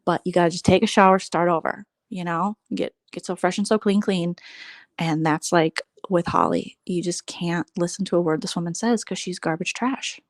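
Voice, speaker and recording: Sarcastic gossiping woman, lowish voice. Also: steady tone, normal speed, no room sound, studio quality. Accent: American. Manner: gossipy, sarcastic commentary on online drama; reads out super chats and thanks viewers. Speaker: livestream host. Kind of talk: casual livestream chat.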